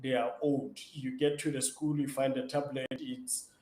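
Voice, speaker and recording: A man's voice: medium pitch, moderate pace, reverberant, poor audio. A man, a startup founder, answering interview questions eagerly with lots of fillers and restarts. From South Africa. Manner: eager, excitable storyteller with many fillers and restarts.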